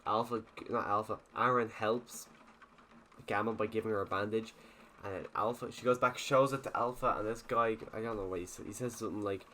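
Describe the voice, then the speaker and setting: A man's voice: on the low side, fairly even intonation, brisk, pushed and bright, slight background noise. A young man with an Irish accent rambling through a casual recap of a TV episode, often restarting sentences and quoting characters. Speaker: TV review vlogger.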